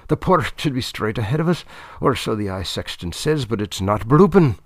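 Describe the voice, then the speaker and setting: A man voicing a timid little male first mate who softly repeats his gadget's beeping. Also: medium pitch, slow pace, husky, dry recording, studio quality, pitched above the performer's own voice. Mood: anxious.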